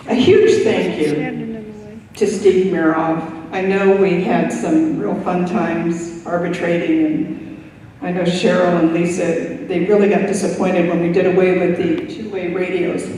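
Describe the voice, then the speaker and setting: An older woman giving a grateful, emotional retirement speech, pausing often. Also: on the low side, mellow, slight background noise. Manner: emotional, grateful, slow and halting with many pauses. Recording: echoey hall from far off.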